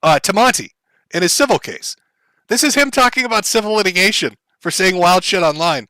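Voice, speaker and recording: A man's voice: sits high, expressive, fairly quick, pushed and bright, no room sound. A man commenting on a clip during a live stream, talking bluntly and with a lot of swearing to his chat. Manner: blunt, profane, lecturing aside to chat.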